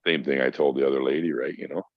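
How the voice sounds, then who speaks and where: A man's voice: rumbling low, fairly even intonation, quick pace, no room sound. A man, a podcast guest who works in mental health, tells a story in a casual, emphatic and profane way. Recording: dull lo-fi dry sound.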